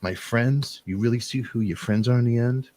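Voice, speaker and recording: A middle-aged man hosting a talk show, rambling through animated, emotional storytelling and quoting friends. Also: medium pitch, moderate pace, dry recording. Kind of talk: emotional casual chat.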